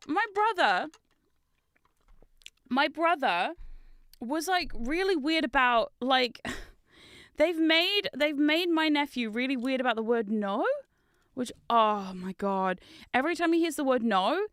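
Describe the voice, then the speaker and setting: A woman's voice: sits high, a bit bright, smooth, dry recording. A young woman chatting casually as she streams, telling rambling stories with fillers and laughs. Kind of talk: casual chat while building.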